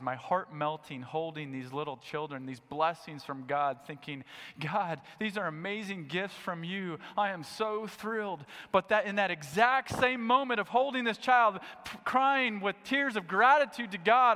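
Lively, high-voiced man preaching in a reverberant hall. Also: normal speed, hardly any pauses. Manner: animated, acts out his own reactions in a raised voice. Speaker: pastor. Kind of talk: sermon.

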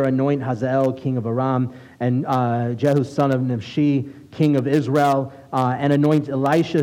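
A man preaching a sermon as a rabbi, conversational and asking his listeners questions, reading scripture aloud slowly. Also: mid-range voice, mellow, low-quality recording. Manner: conversational, asks the congregation questions.

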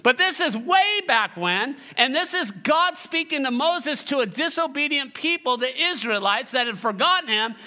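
A male pastor preaching a sermon, animated and joking, with sarcastic asides, reading scripture aloud and leading the congregation. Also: extremely high pitch, moderate pace, few pauses.

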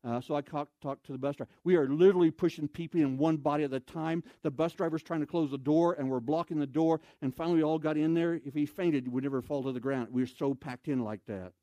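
Animated American man telling comic stories. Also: on the high side, quick pace, few pauses, dry recording. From United States. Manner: animated, comic, acts out scenes and voices. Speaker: missionary speaker. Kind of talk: humorous storytelling talk.

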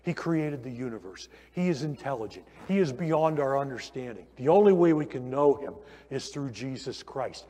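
A man preaching a sermon in a church, conversational and animated, asking the listeners questions. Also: medium pitch, moderate pace. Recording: long hall reverb.

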